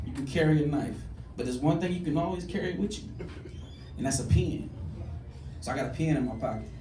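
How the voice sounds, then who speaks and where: A male stand-up comedian telling a story on a club stage, animated, jumping to loud high bursts on the punchlines. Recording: echoey club, distant mic, audience noise.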